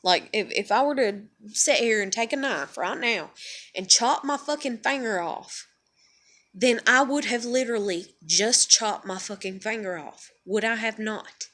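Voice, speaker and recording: A woman's voice: fairly high pitch, measured pace, fairly bright tone. Profane, heated woman venting. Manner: heated, profane, repeats phrases for emphasis; rhetorical questions. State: upset and tired. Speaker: vlogger. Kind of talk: unscripted emotional rant to camera.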